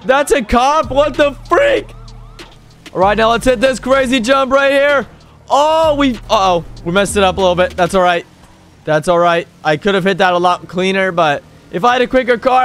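A young man with a high, bright-pitched voice talks through a game chase in real time, quick to yelp and laugh at the jumps and crashes. He tosses playful taunts at the cops on his tail, and soft music plays faintly underneath. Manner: excitable, bursts into yelps on jumps and crashes; cheeky taunts at pursuing cops. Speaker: gaming YouTuber and server owner. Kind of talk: live gameplay commentary.

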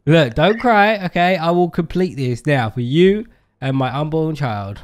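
A man's voice: fairly high pitch, lively intonation, unhurried, a little hiss or hum. A man hosting a casual video-game session, teasing his partner and laughing often. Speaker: gaming host.

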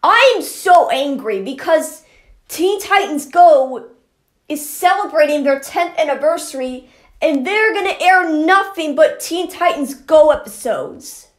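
A woman's voice: high-pitched, expressive, measured pace. A woman hosting her channel, giving an exasperated ranting commentary and repeating herself a lot. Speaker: channel host. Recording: roomy echo.

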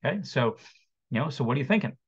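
A man in his forties speaks as a therapist in an online webinar, lively and animated as he acts out quotes and jokes for his audience. His voice sits at a middle pitch. The audio is a bit dull and lo-fi. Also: fast talker, husky. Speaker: therapist giving a webinar talk. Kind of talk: motivational talk to an online audience.

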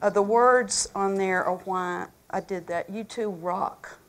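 Unhurried halting woman. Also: medium pitch. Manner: halting, informal. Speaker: school superintendent. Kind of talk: closing remarks to an audience.

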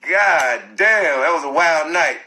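A man's voice: a little high, takes it slowly, pushed and bright, slight background noise, rough recording. A man telling a profane story on a phone live stream, laughing often.

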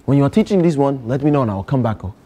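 A man's voice: mid-range voice, lively intonation, very fast, dark tone, natural voice. Young man putting on a pushy Nigerian-accented student. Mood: pleading. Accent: Nigerian (put on). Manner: insistent, exclamatory "oh" and "ah, ah" tags. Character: pushy male Nigerian student wanting to learn scamming. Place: college lecture hall.

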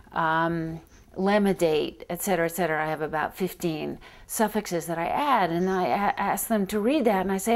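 Measured woman explaining reading research. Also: medium pitch. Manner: measured, explanatory, spells out letters. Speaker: reading researcher being interviewed. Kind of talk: explanatory interview talk.

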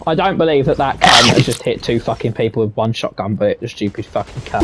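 A young man commentates on his own gameplay, hurling insults and curses at opponents. His slightly high voice leaps up and down constantly, breaking into excited yelps, while gunfire from the game crackles behind him. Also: a little fast, few pauses. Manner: trash-talking, swearing, excitable yelps. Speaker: gaming streamer.

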